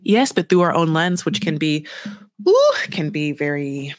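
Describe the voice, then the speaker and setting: A woman's voice: low-pitched, big pitch swings, unhurried, no room sound. Emphatic woman podcaster, dry close sound. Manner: emphatic, riffing with quoted asides. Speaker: podcast co-host. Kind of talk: casual chat.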